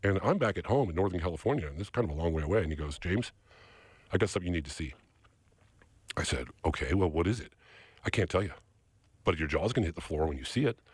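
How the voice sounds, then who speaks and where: Husky, animated man telling a story. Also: low voice, fast, long pauses, dry recording. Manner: acts out other people's lines in quotes. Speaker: podcast guest.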